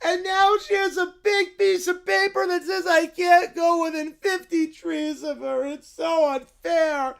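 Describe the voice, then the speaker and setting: A woman's voice: very high voice, steady tone, unhurried, vocal fry, few pauses, heavily acted. A woman voicing a lovesick, petulant little male gray bear cub in a cartoon clip, whining and sobbing as it makes demands. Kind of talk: AI-generated cartoon video clip.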